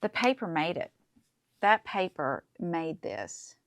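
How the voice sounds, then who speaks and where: Gravelly-voiced woman chatting through a craft. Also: on the low side, big pitch swings, slow pace, background noise. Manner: chatty, enthusiastic, talks through each step. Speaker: crafting channel host. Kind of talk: casual crafting tutorial.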